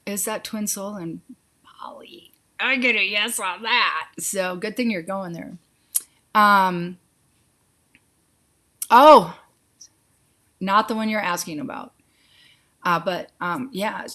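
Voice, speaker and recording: A woman with a fairly low pitch and a slightly bright tone hosts a casual live-stream psychic Q&A. She reads viewers' questions out loud and gives fast, intuitive yes-or-no answers, calling them sweetie and honey.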